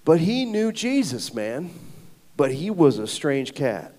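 A man giving a personal testimony at a ministry gathering, telling his story in a casual, slangy way, swinging between loud and whispered. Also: a little high, sing-song, slow. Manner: casual, slangy storytelling with frequent 'like' and 'dude'. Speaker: guest speaker at ministry event.

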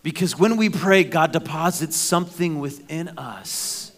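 Animated man preaching a casual sermon. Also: on the high side, unhurried. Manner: conversational, animated preaching with asides and sound effects. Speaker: pastor.

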